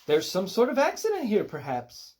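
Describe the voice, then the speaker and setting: A storybook reader puts on a theatrical soap opera diva with a fake English accent. Her voice sits high and loud, and she gushes over everyone in a grand, affected way. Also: huge pitch swings, moderate pace. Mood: haughty. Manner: grand, affected, calls people darling. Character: glamorous woman soap opera star, theatrical and gushing.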